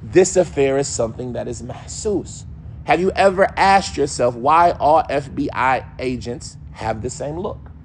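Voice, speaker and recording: Male religious teacher, conversational and animated, playful mimicry, light ambient noise. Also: medium pitch, a little slow. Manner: casual, animated, mimics accents and voices. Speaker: Islamic teacher. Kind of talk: religious lesson.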